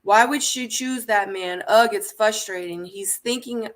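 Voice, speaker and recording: A woman's voice: mid-range voice, unhurried. A woman hosting a casual reality-show recap, talking emphatically and repeating her points as she rants. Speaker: host.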